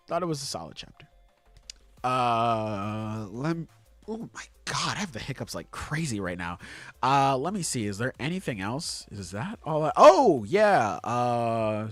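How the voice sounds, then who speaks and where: A man hosts a casual podcast, his voice sitting at an everyday middle pitch. He gushes and swears freely, rambling with fillers as he works through his thoughts. The sound is dry and close. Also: a bit bright, no room sound. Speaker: podcast host. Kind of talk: casual chat.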